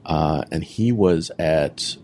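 A man's voice: very deep voice, takes it slowly, a little mellow, slight background noise. A man hosting a podcast who asks short follow-up questions. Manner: brief questions. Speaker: podcast host. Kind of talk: podcast discussion.

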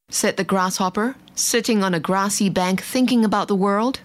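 A woman reading a bedtime story aloud as narrator, in a gentle manner. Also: mid-range voice, normal speed, few pauses.

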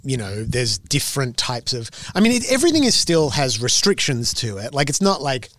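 A man's voice: medium pitch, big pitch swings, moderate pace, a bit bright. A man who is a singer-songwriter, talking casually and thoughtfully in an interview, often restarting his sentences. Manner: rambling, self-correcting and thoughtful.

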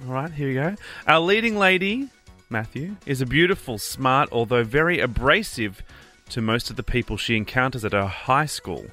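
A man on a radio show, reading movie quiz clues in a clear, measured way. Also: mid-range voice, lively intonation, bright, forceful tone, faint music behind.

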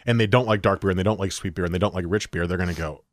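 A man's voice: low-pitched, rapid-fire, no echo, clean studio sound. A man co-hosting a casual beer tasting chat, talking at length through tasting notes. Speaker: co-host presenting a beer of the week.

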